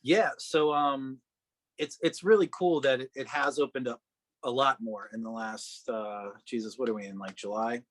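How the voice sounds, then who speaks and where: A man raised in Boston, an actor guest on a podcast, talking in a relaxed, chatty way and laughing often. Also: medium pitch, moderate pace, a little hiss or hum. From Boston, Massachusetts. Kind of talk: casual podcast chat.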